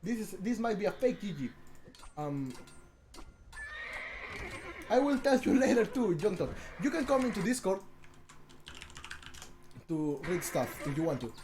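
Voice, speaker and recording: A man streaming and commentating a strategy match live, with a lively, swinging voice. He talks straight to his chat, stumbles through restarts and repeats himself, and stays excitable. Faint noise sits under the voice. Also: sits high, unhurried, pauses often. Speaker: streamer casting a strategy game.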